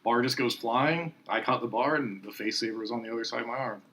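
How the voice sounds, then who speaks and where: A man's voice: medium pitch, fast, bright, forceful tone. A man hosting a podcast, chatting casually and laughing as he retells gym stories. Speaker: podcast host. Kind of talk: casual chat.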